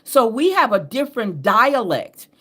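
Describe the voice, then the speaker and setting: A woman host originally from New York talks in a loose, rambling way, her speech softened by a Southern drawl. Her pitch rises and falls a lot, and she laughs and corrects herself as she goes. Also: sing-song, a little slow, slightly rough. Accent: Southern US drawl over an upstate New York base. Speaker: host and astrology reader. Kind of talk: casual rambling chat.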